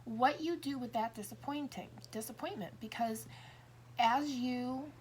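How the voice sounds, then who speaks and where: A woman in her fifties talks in a loose, rambling monologue, breaking off mid-thought and slipping into quick acted-out exchanges. Her voice sits a little high for a woman. A faint hiss runs under the recording. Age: 50s. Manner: rambling, self-interrupting, acts out little dialogues. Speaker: tarot reader. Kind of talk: casual monologue.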